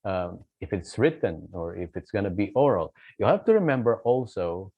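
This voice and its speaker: A man's voice: deep voice, expressive, normal speed, slightly rough, dry recording, phone-quality sound. A man giving a recorded lecture, explaining step by step and checking in often with "okay?". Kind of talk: recorded lecture on office communication.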